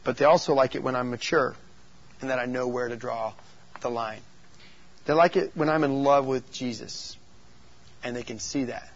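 A man's voice: mid-range voice, dull audio. A man who works as a youth pastor, speaking to other youth workers and telling stories animatedly. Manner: animated storytelling, acts out voices in quotes.

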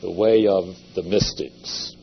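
A man giving a seminary lecture in a measured, deliberate way, with occasional hesitations. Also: low-pitched, fairly even intonation, gravelly. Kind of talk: classroom lecture. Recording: dull lo-fi lecture recording with faint hum.

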